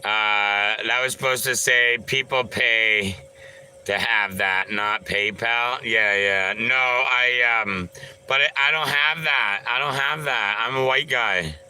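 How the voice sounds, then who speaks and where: A man talks slowly and loosely on his live stream, greeting viewers and cracking jokes as he reads the chat. His voice sits a little low but rings bright and sharp. It has a relaxed, rambling flow, with a faint hiss underneath. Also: poor audio. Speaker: livestreamer reading chat.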